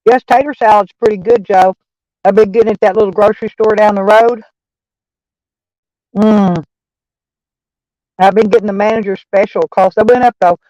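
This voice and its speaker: A woman's voice: medium pitch, steady tone, normal speed, pauses often, warm tone, dry recording, low-quality recording. A woman with a Texan accent chatting casually on a live stream, rambling and swearing freely as she thanks viewers. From Texas. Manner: rambling, profane, folksy.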